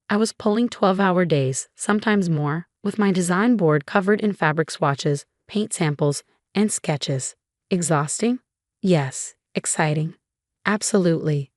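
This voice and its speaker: Dry, low-voiced woman narrating a story. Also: no room sound. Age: young adult. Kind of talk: scripted first-person story narration.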